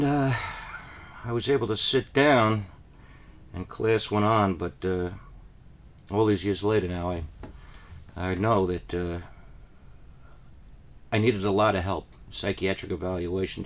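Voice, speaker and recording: A man from New Jersey telling a deadpan parody monologue, rambling and then rising into frantic, high-pitched pleas. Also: measured pace, long pauses. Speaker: comic storyteller.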